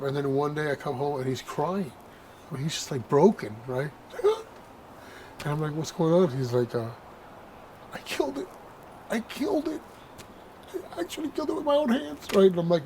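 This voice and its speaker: A man in an interview telling candid stories, keeps adding "right?" and gets animated. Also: fairly high pitch, slight background noise. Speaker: interview guest, copwatcher.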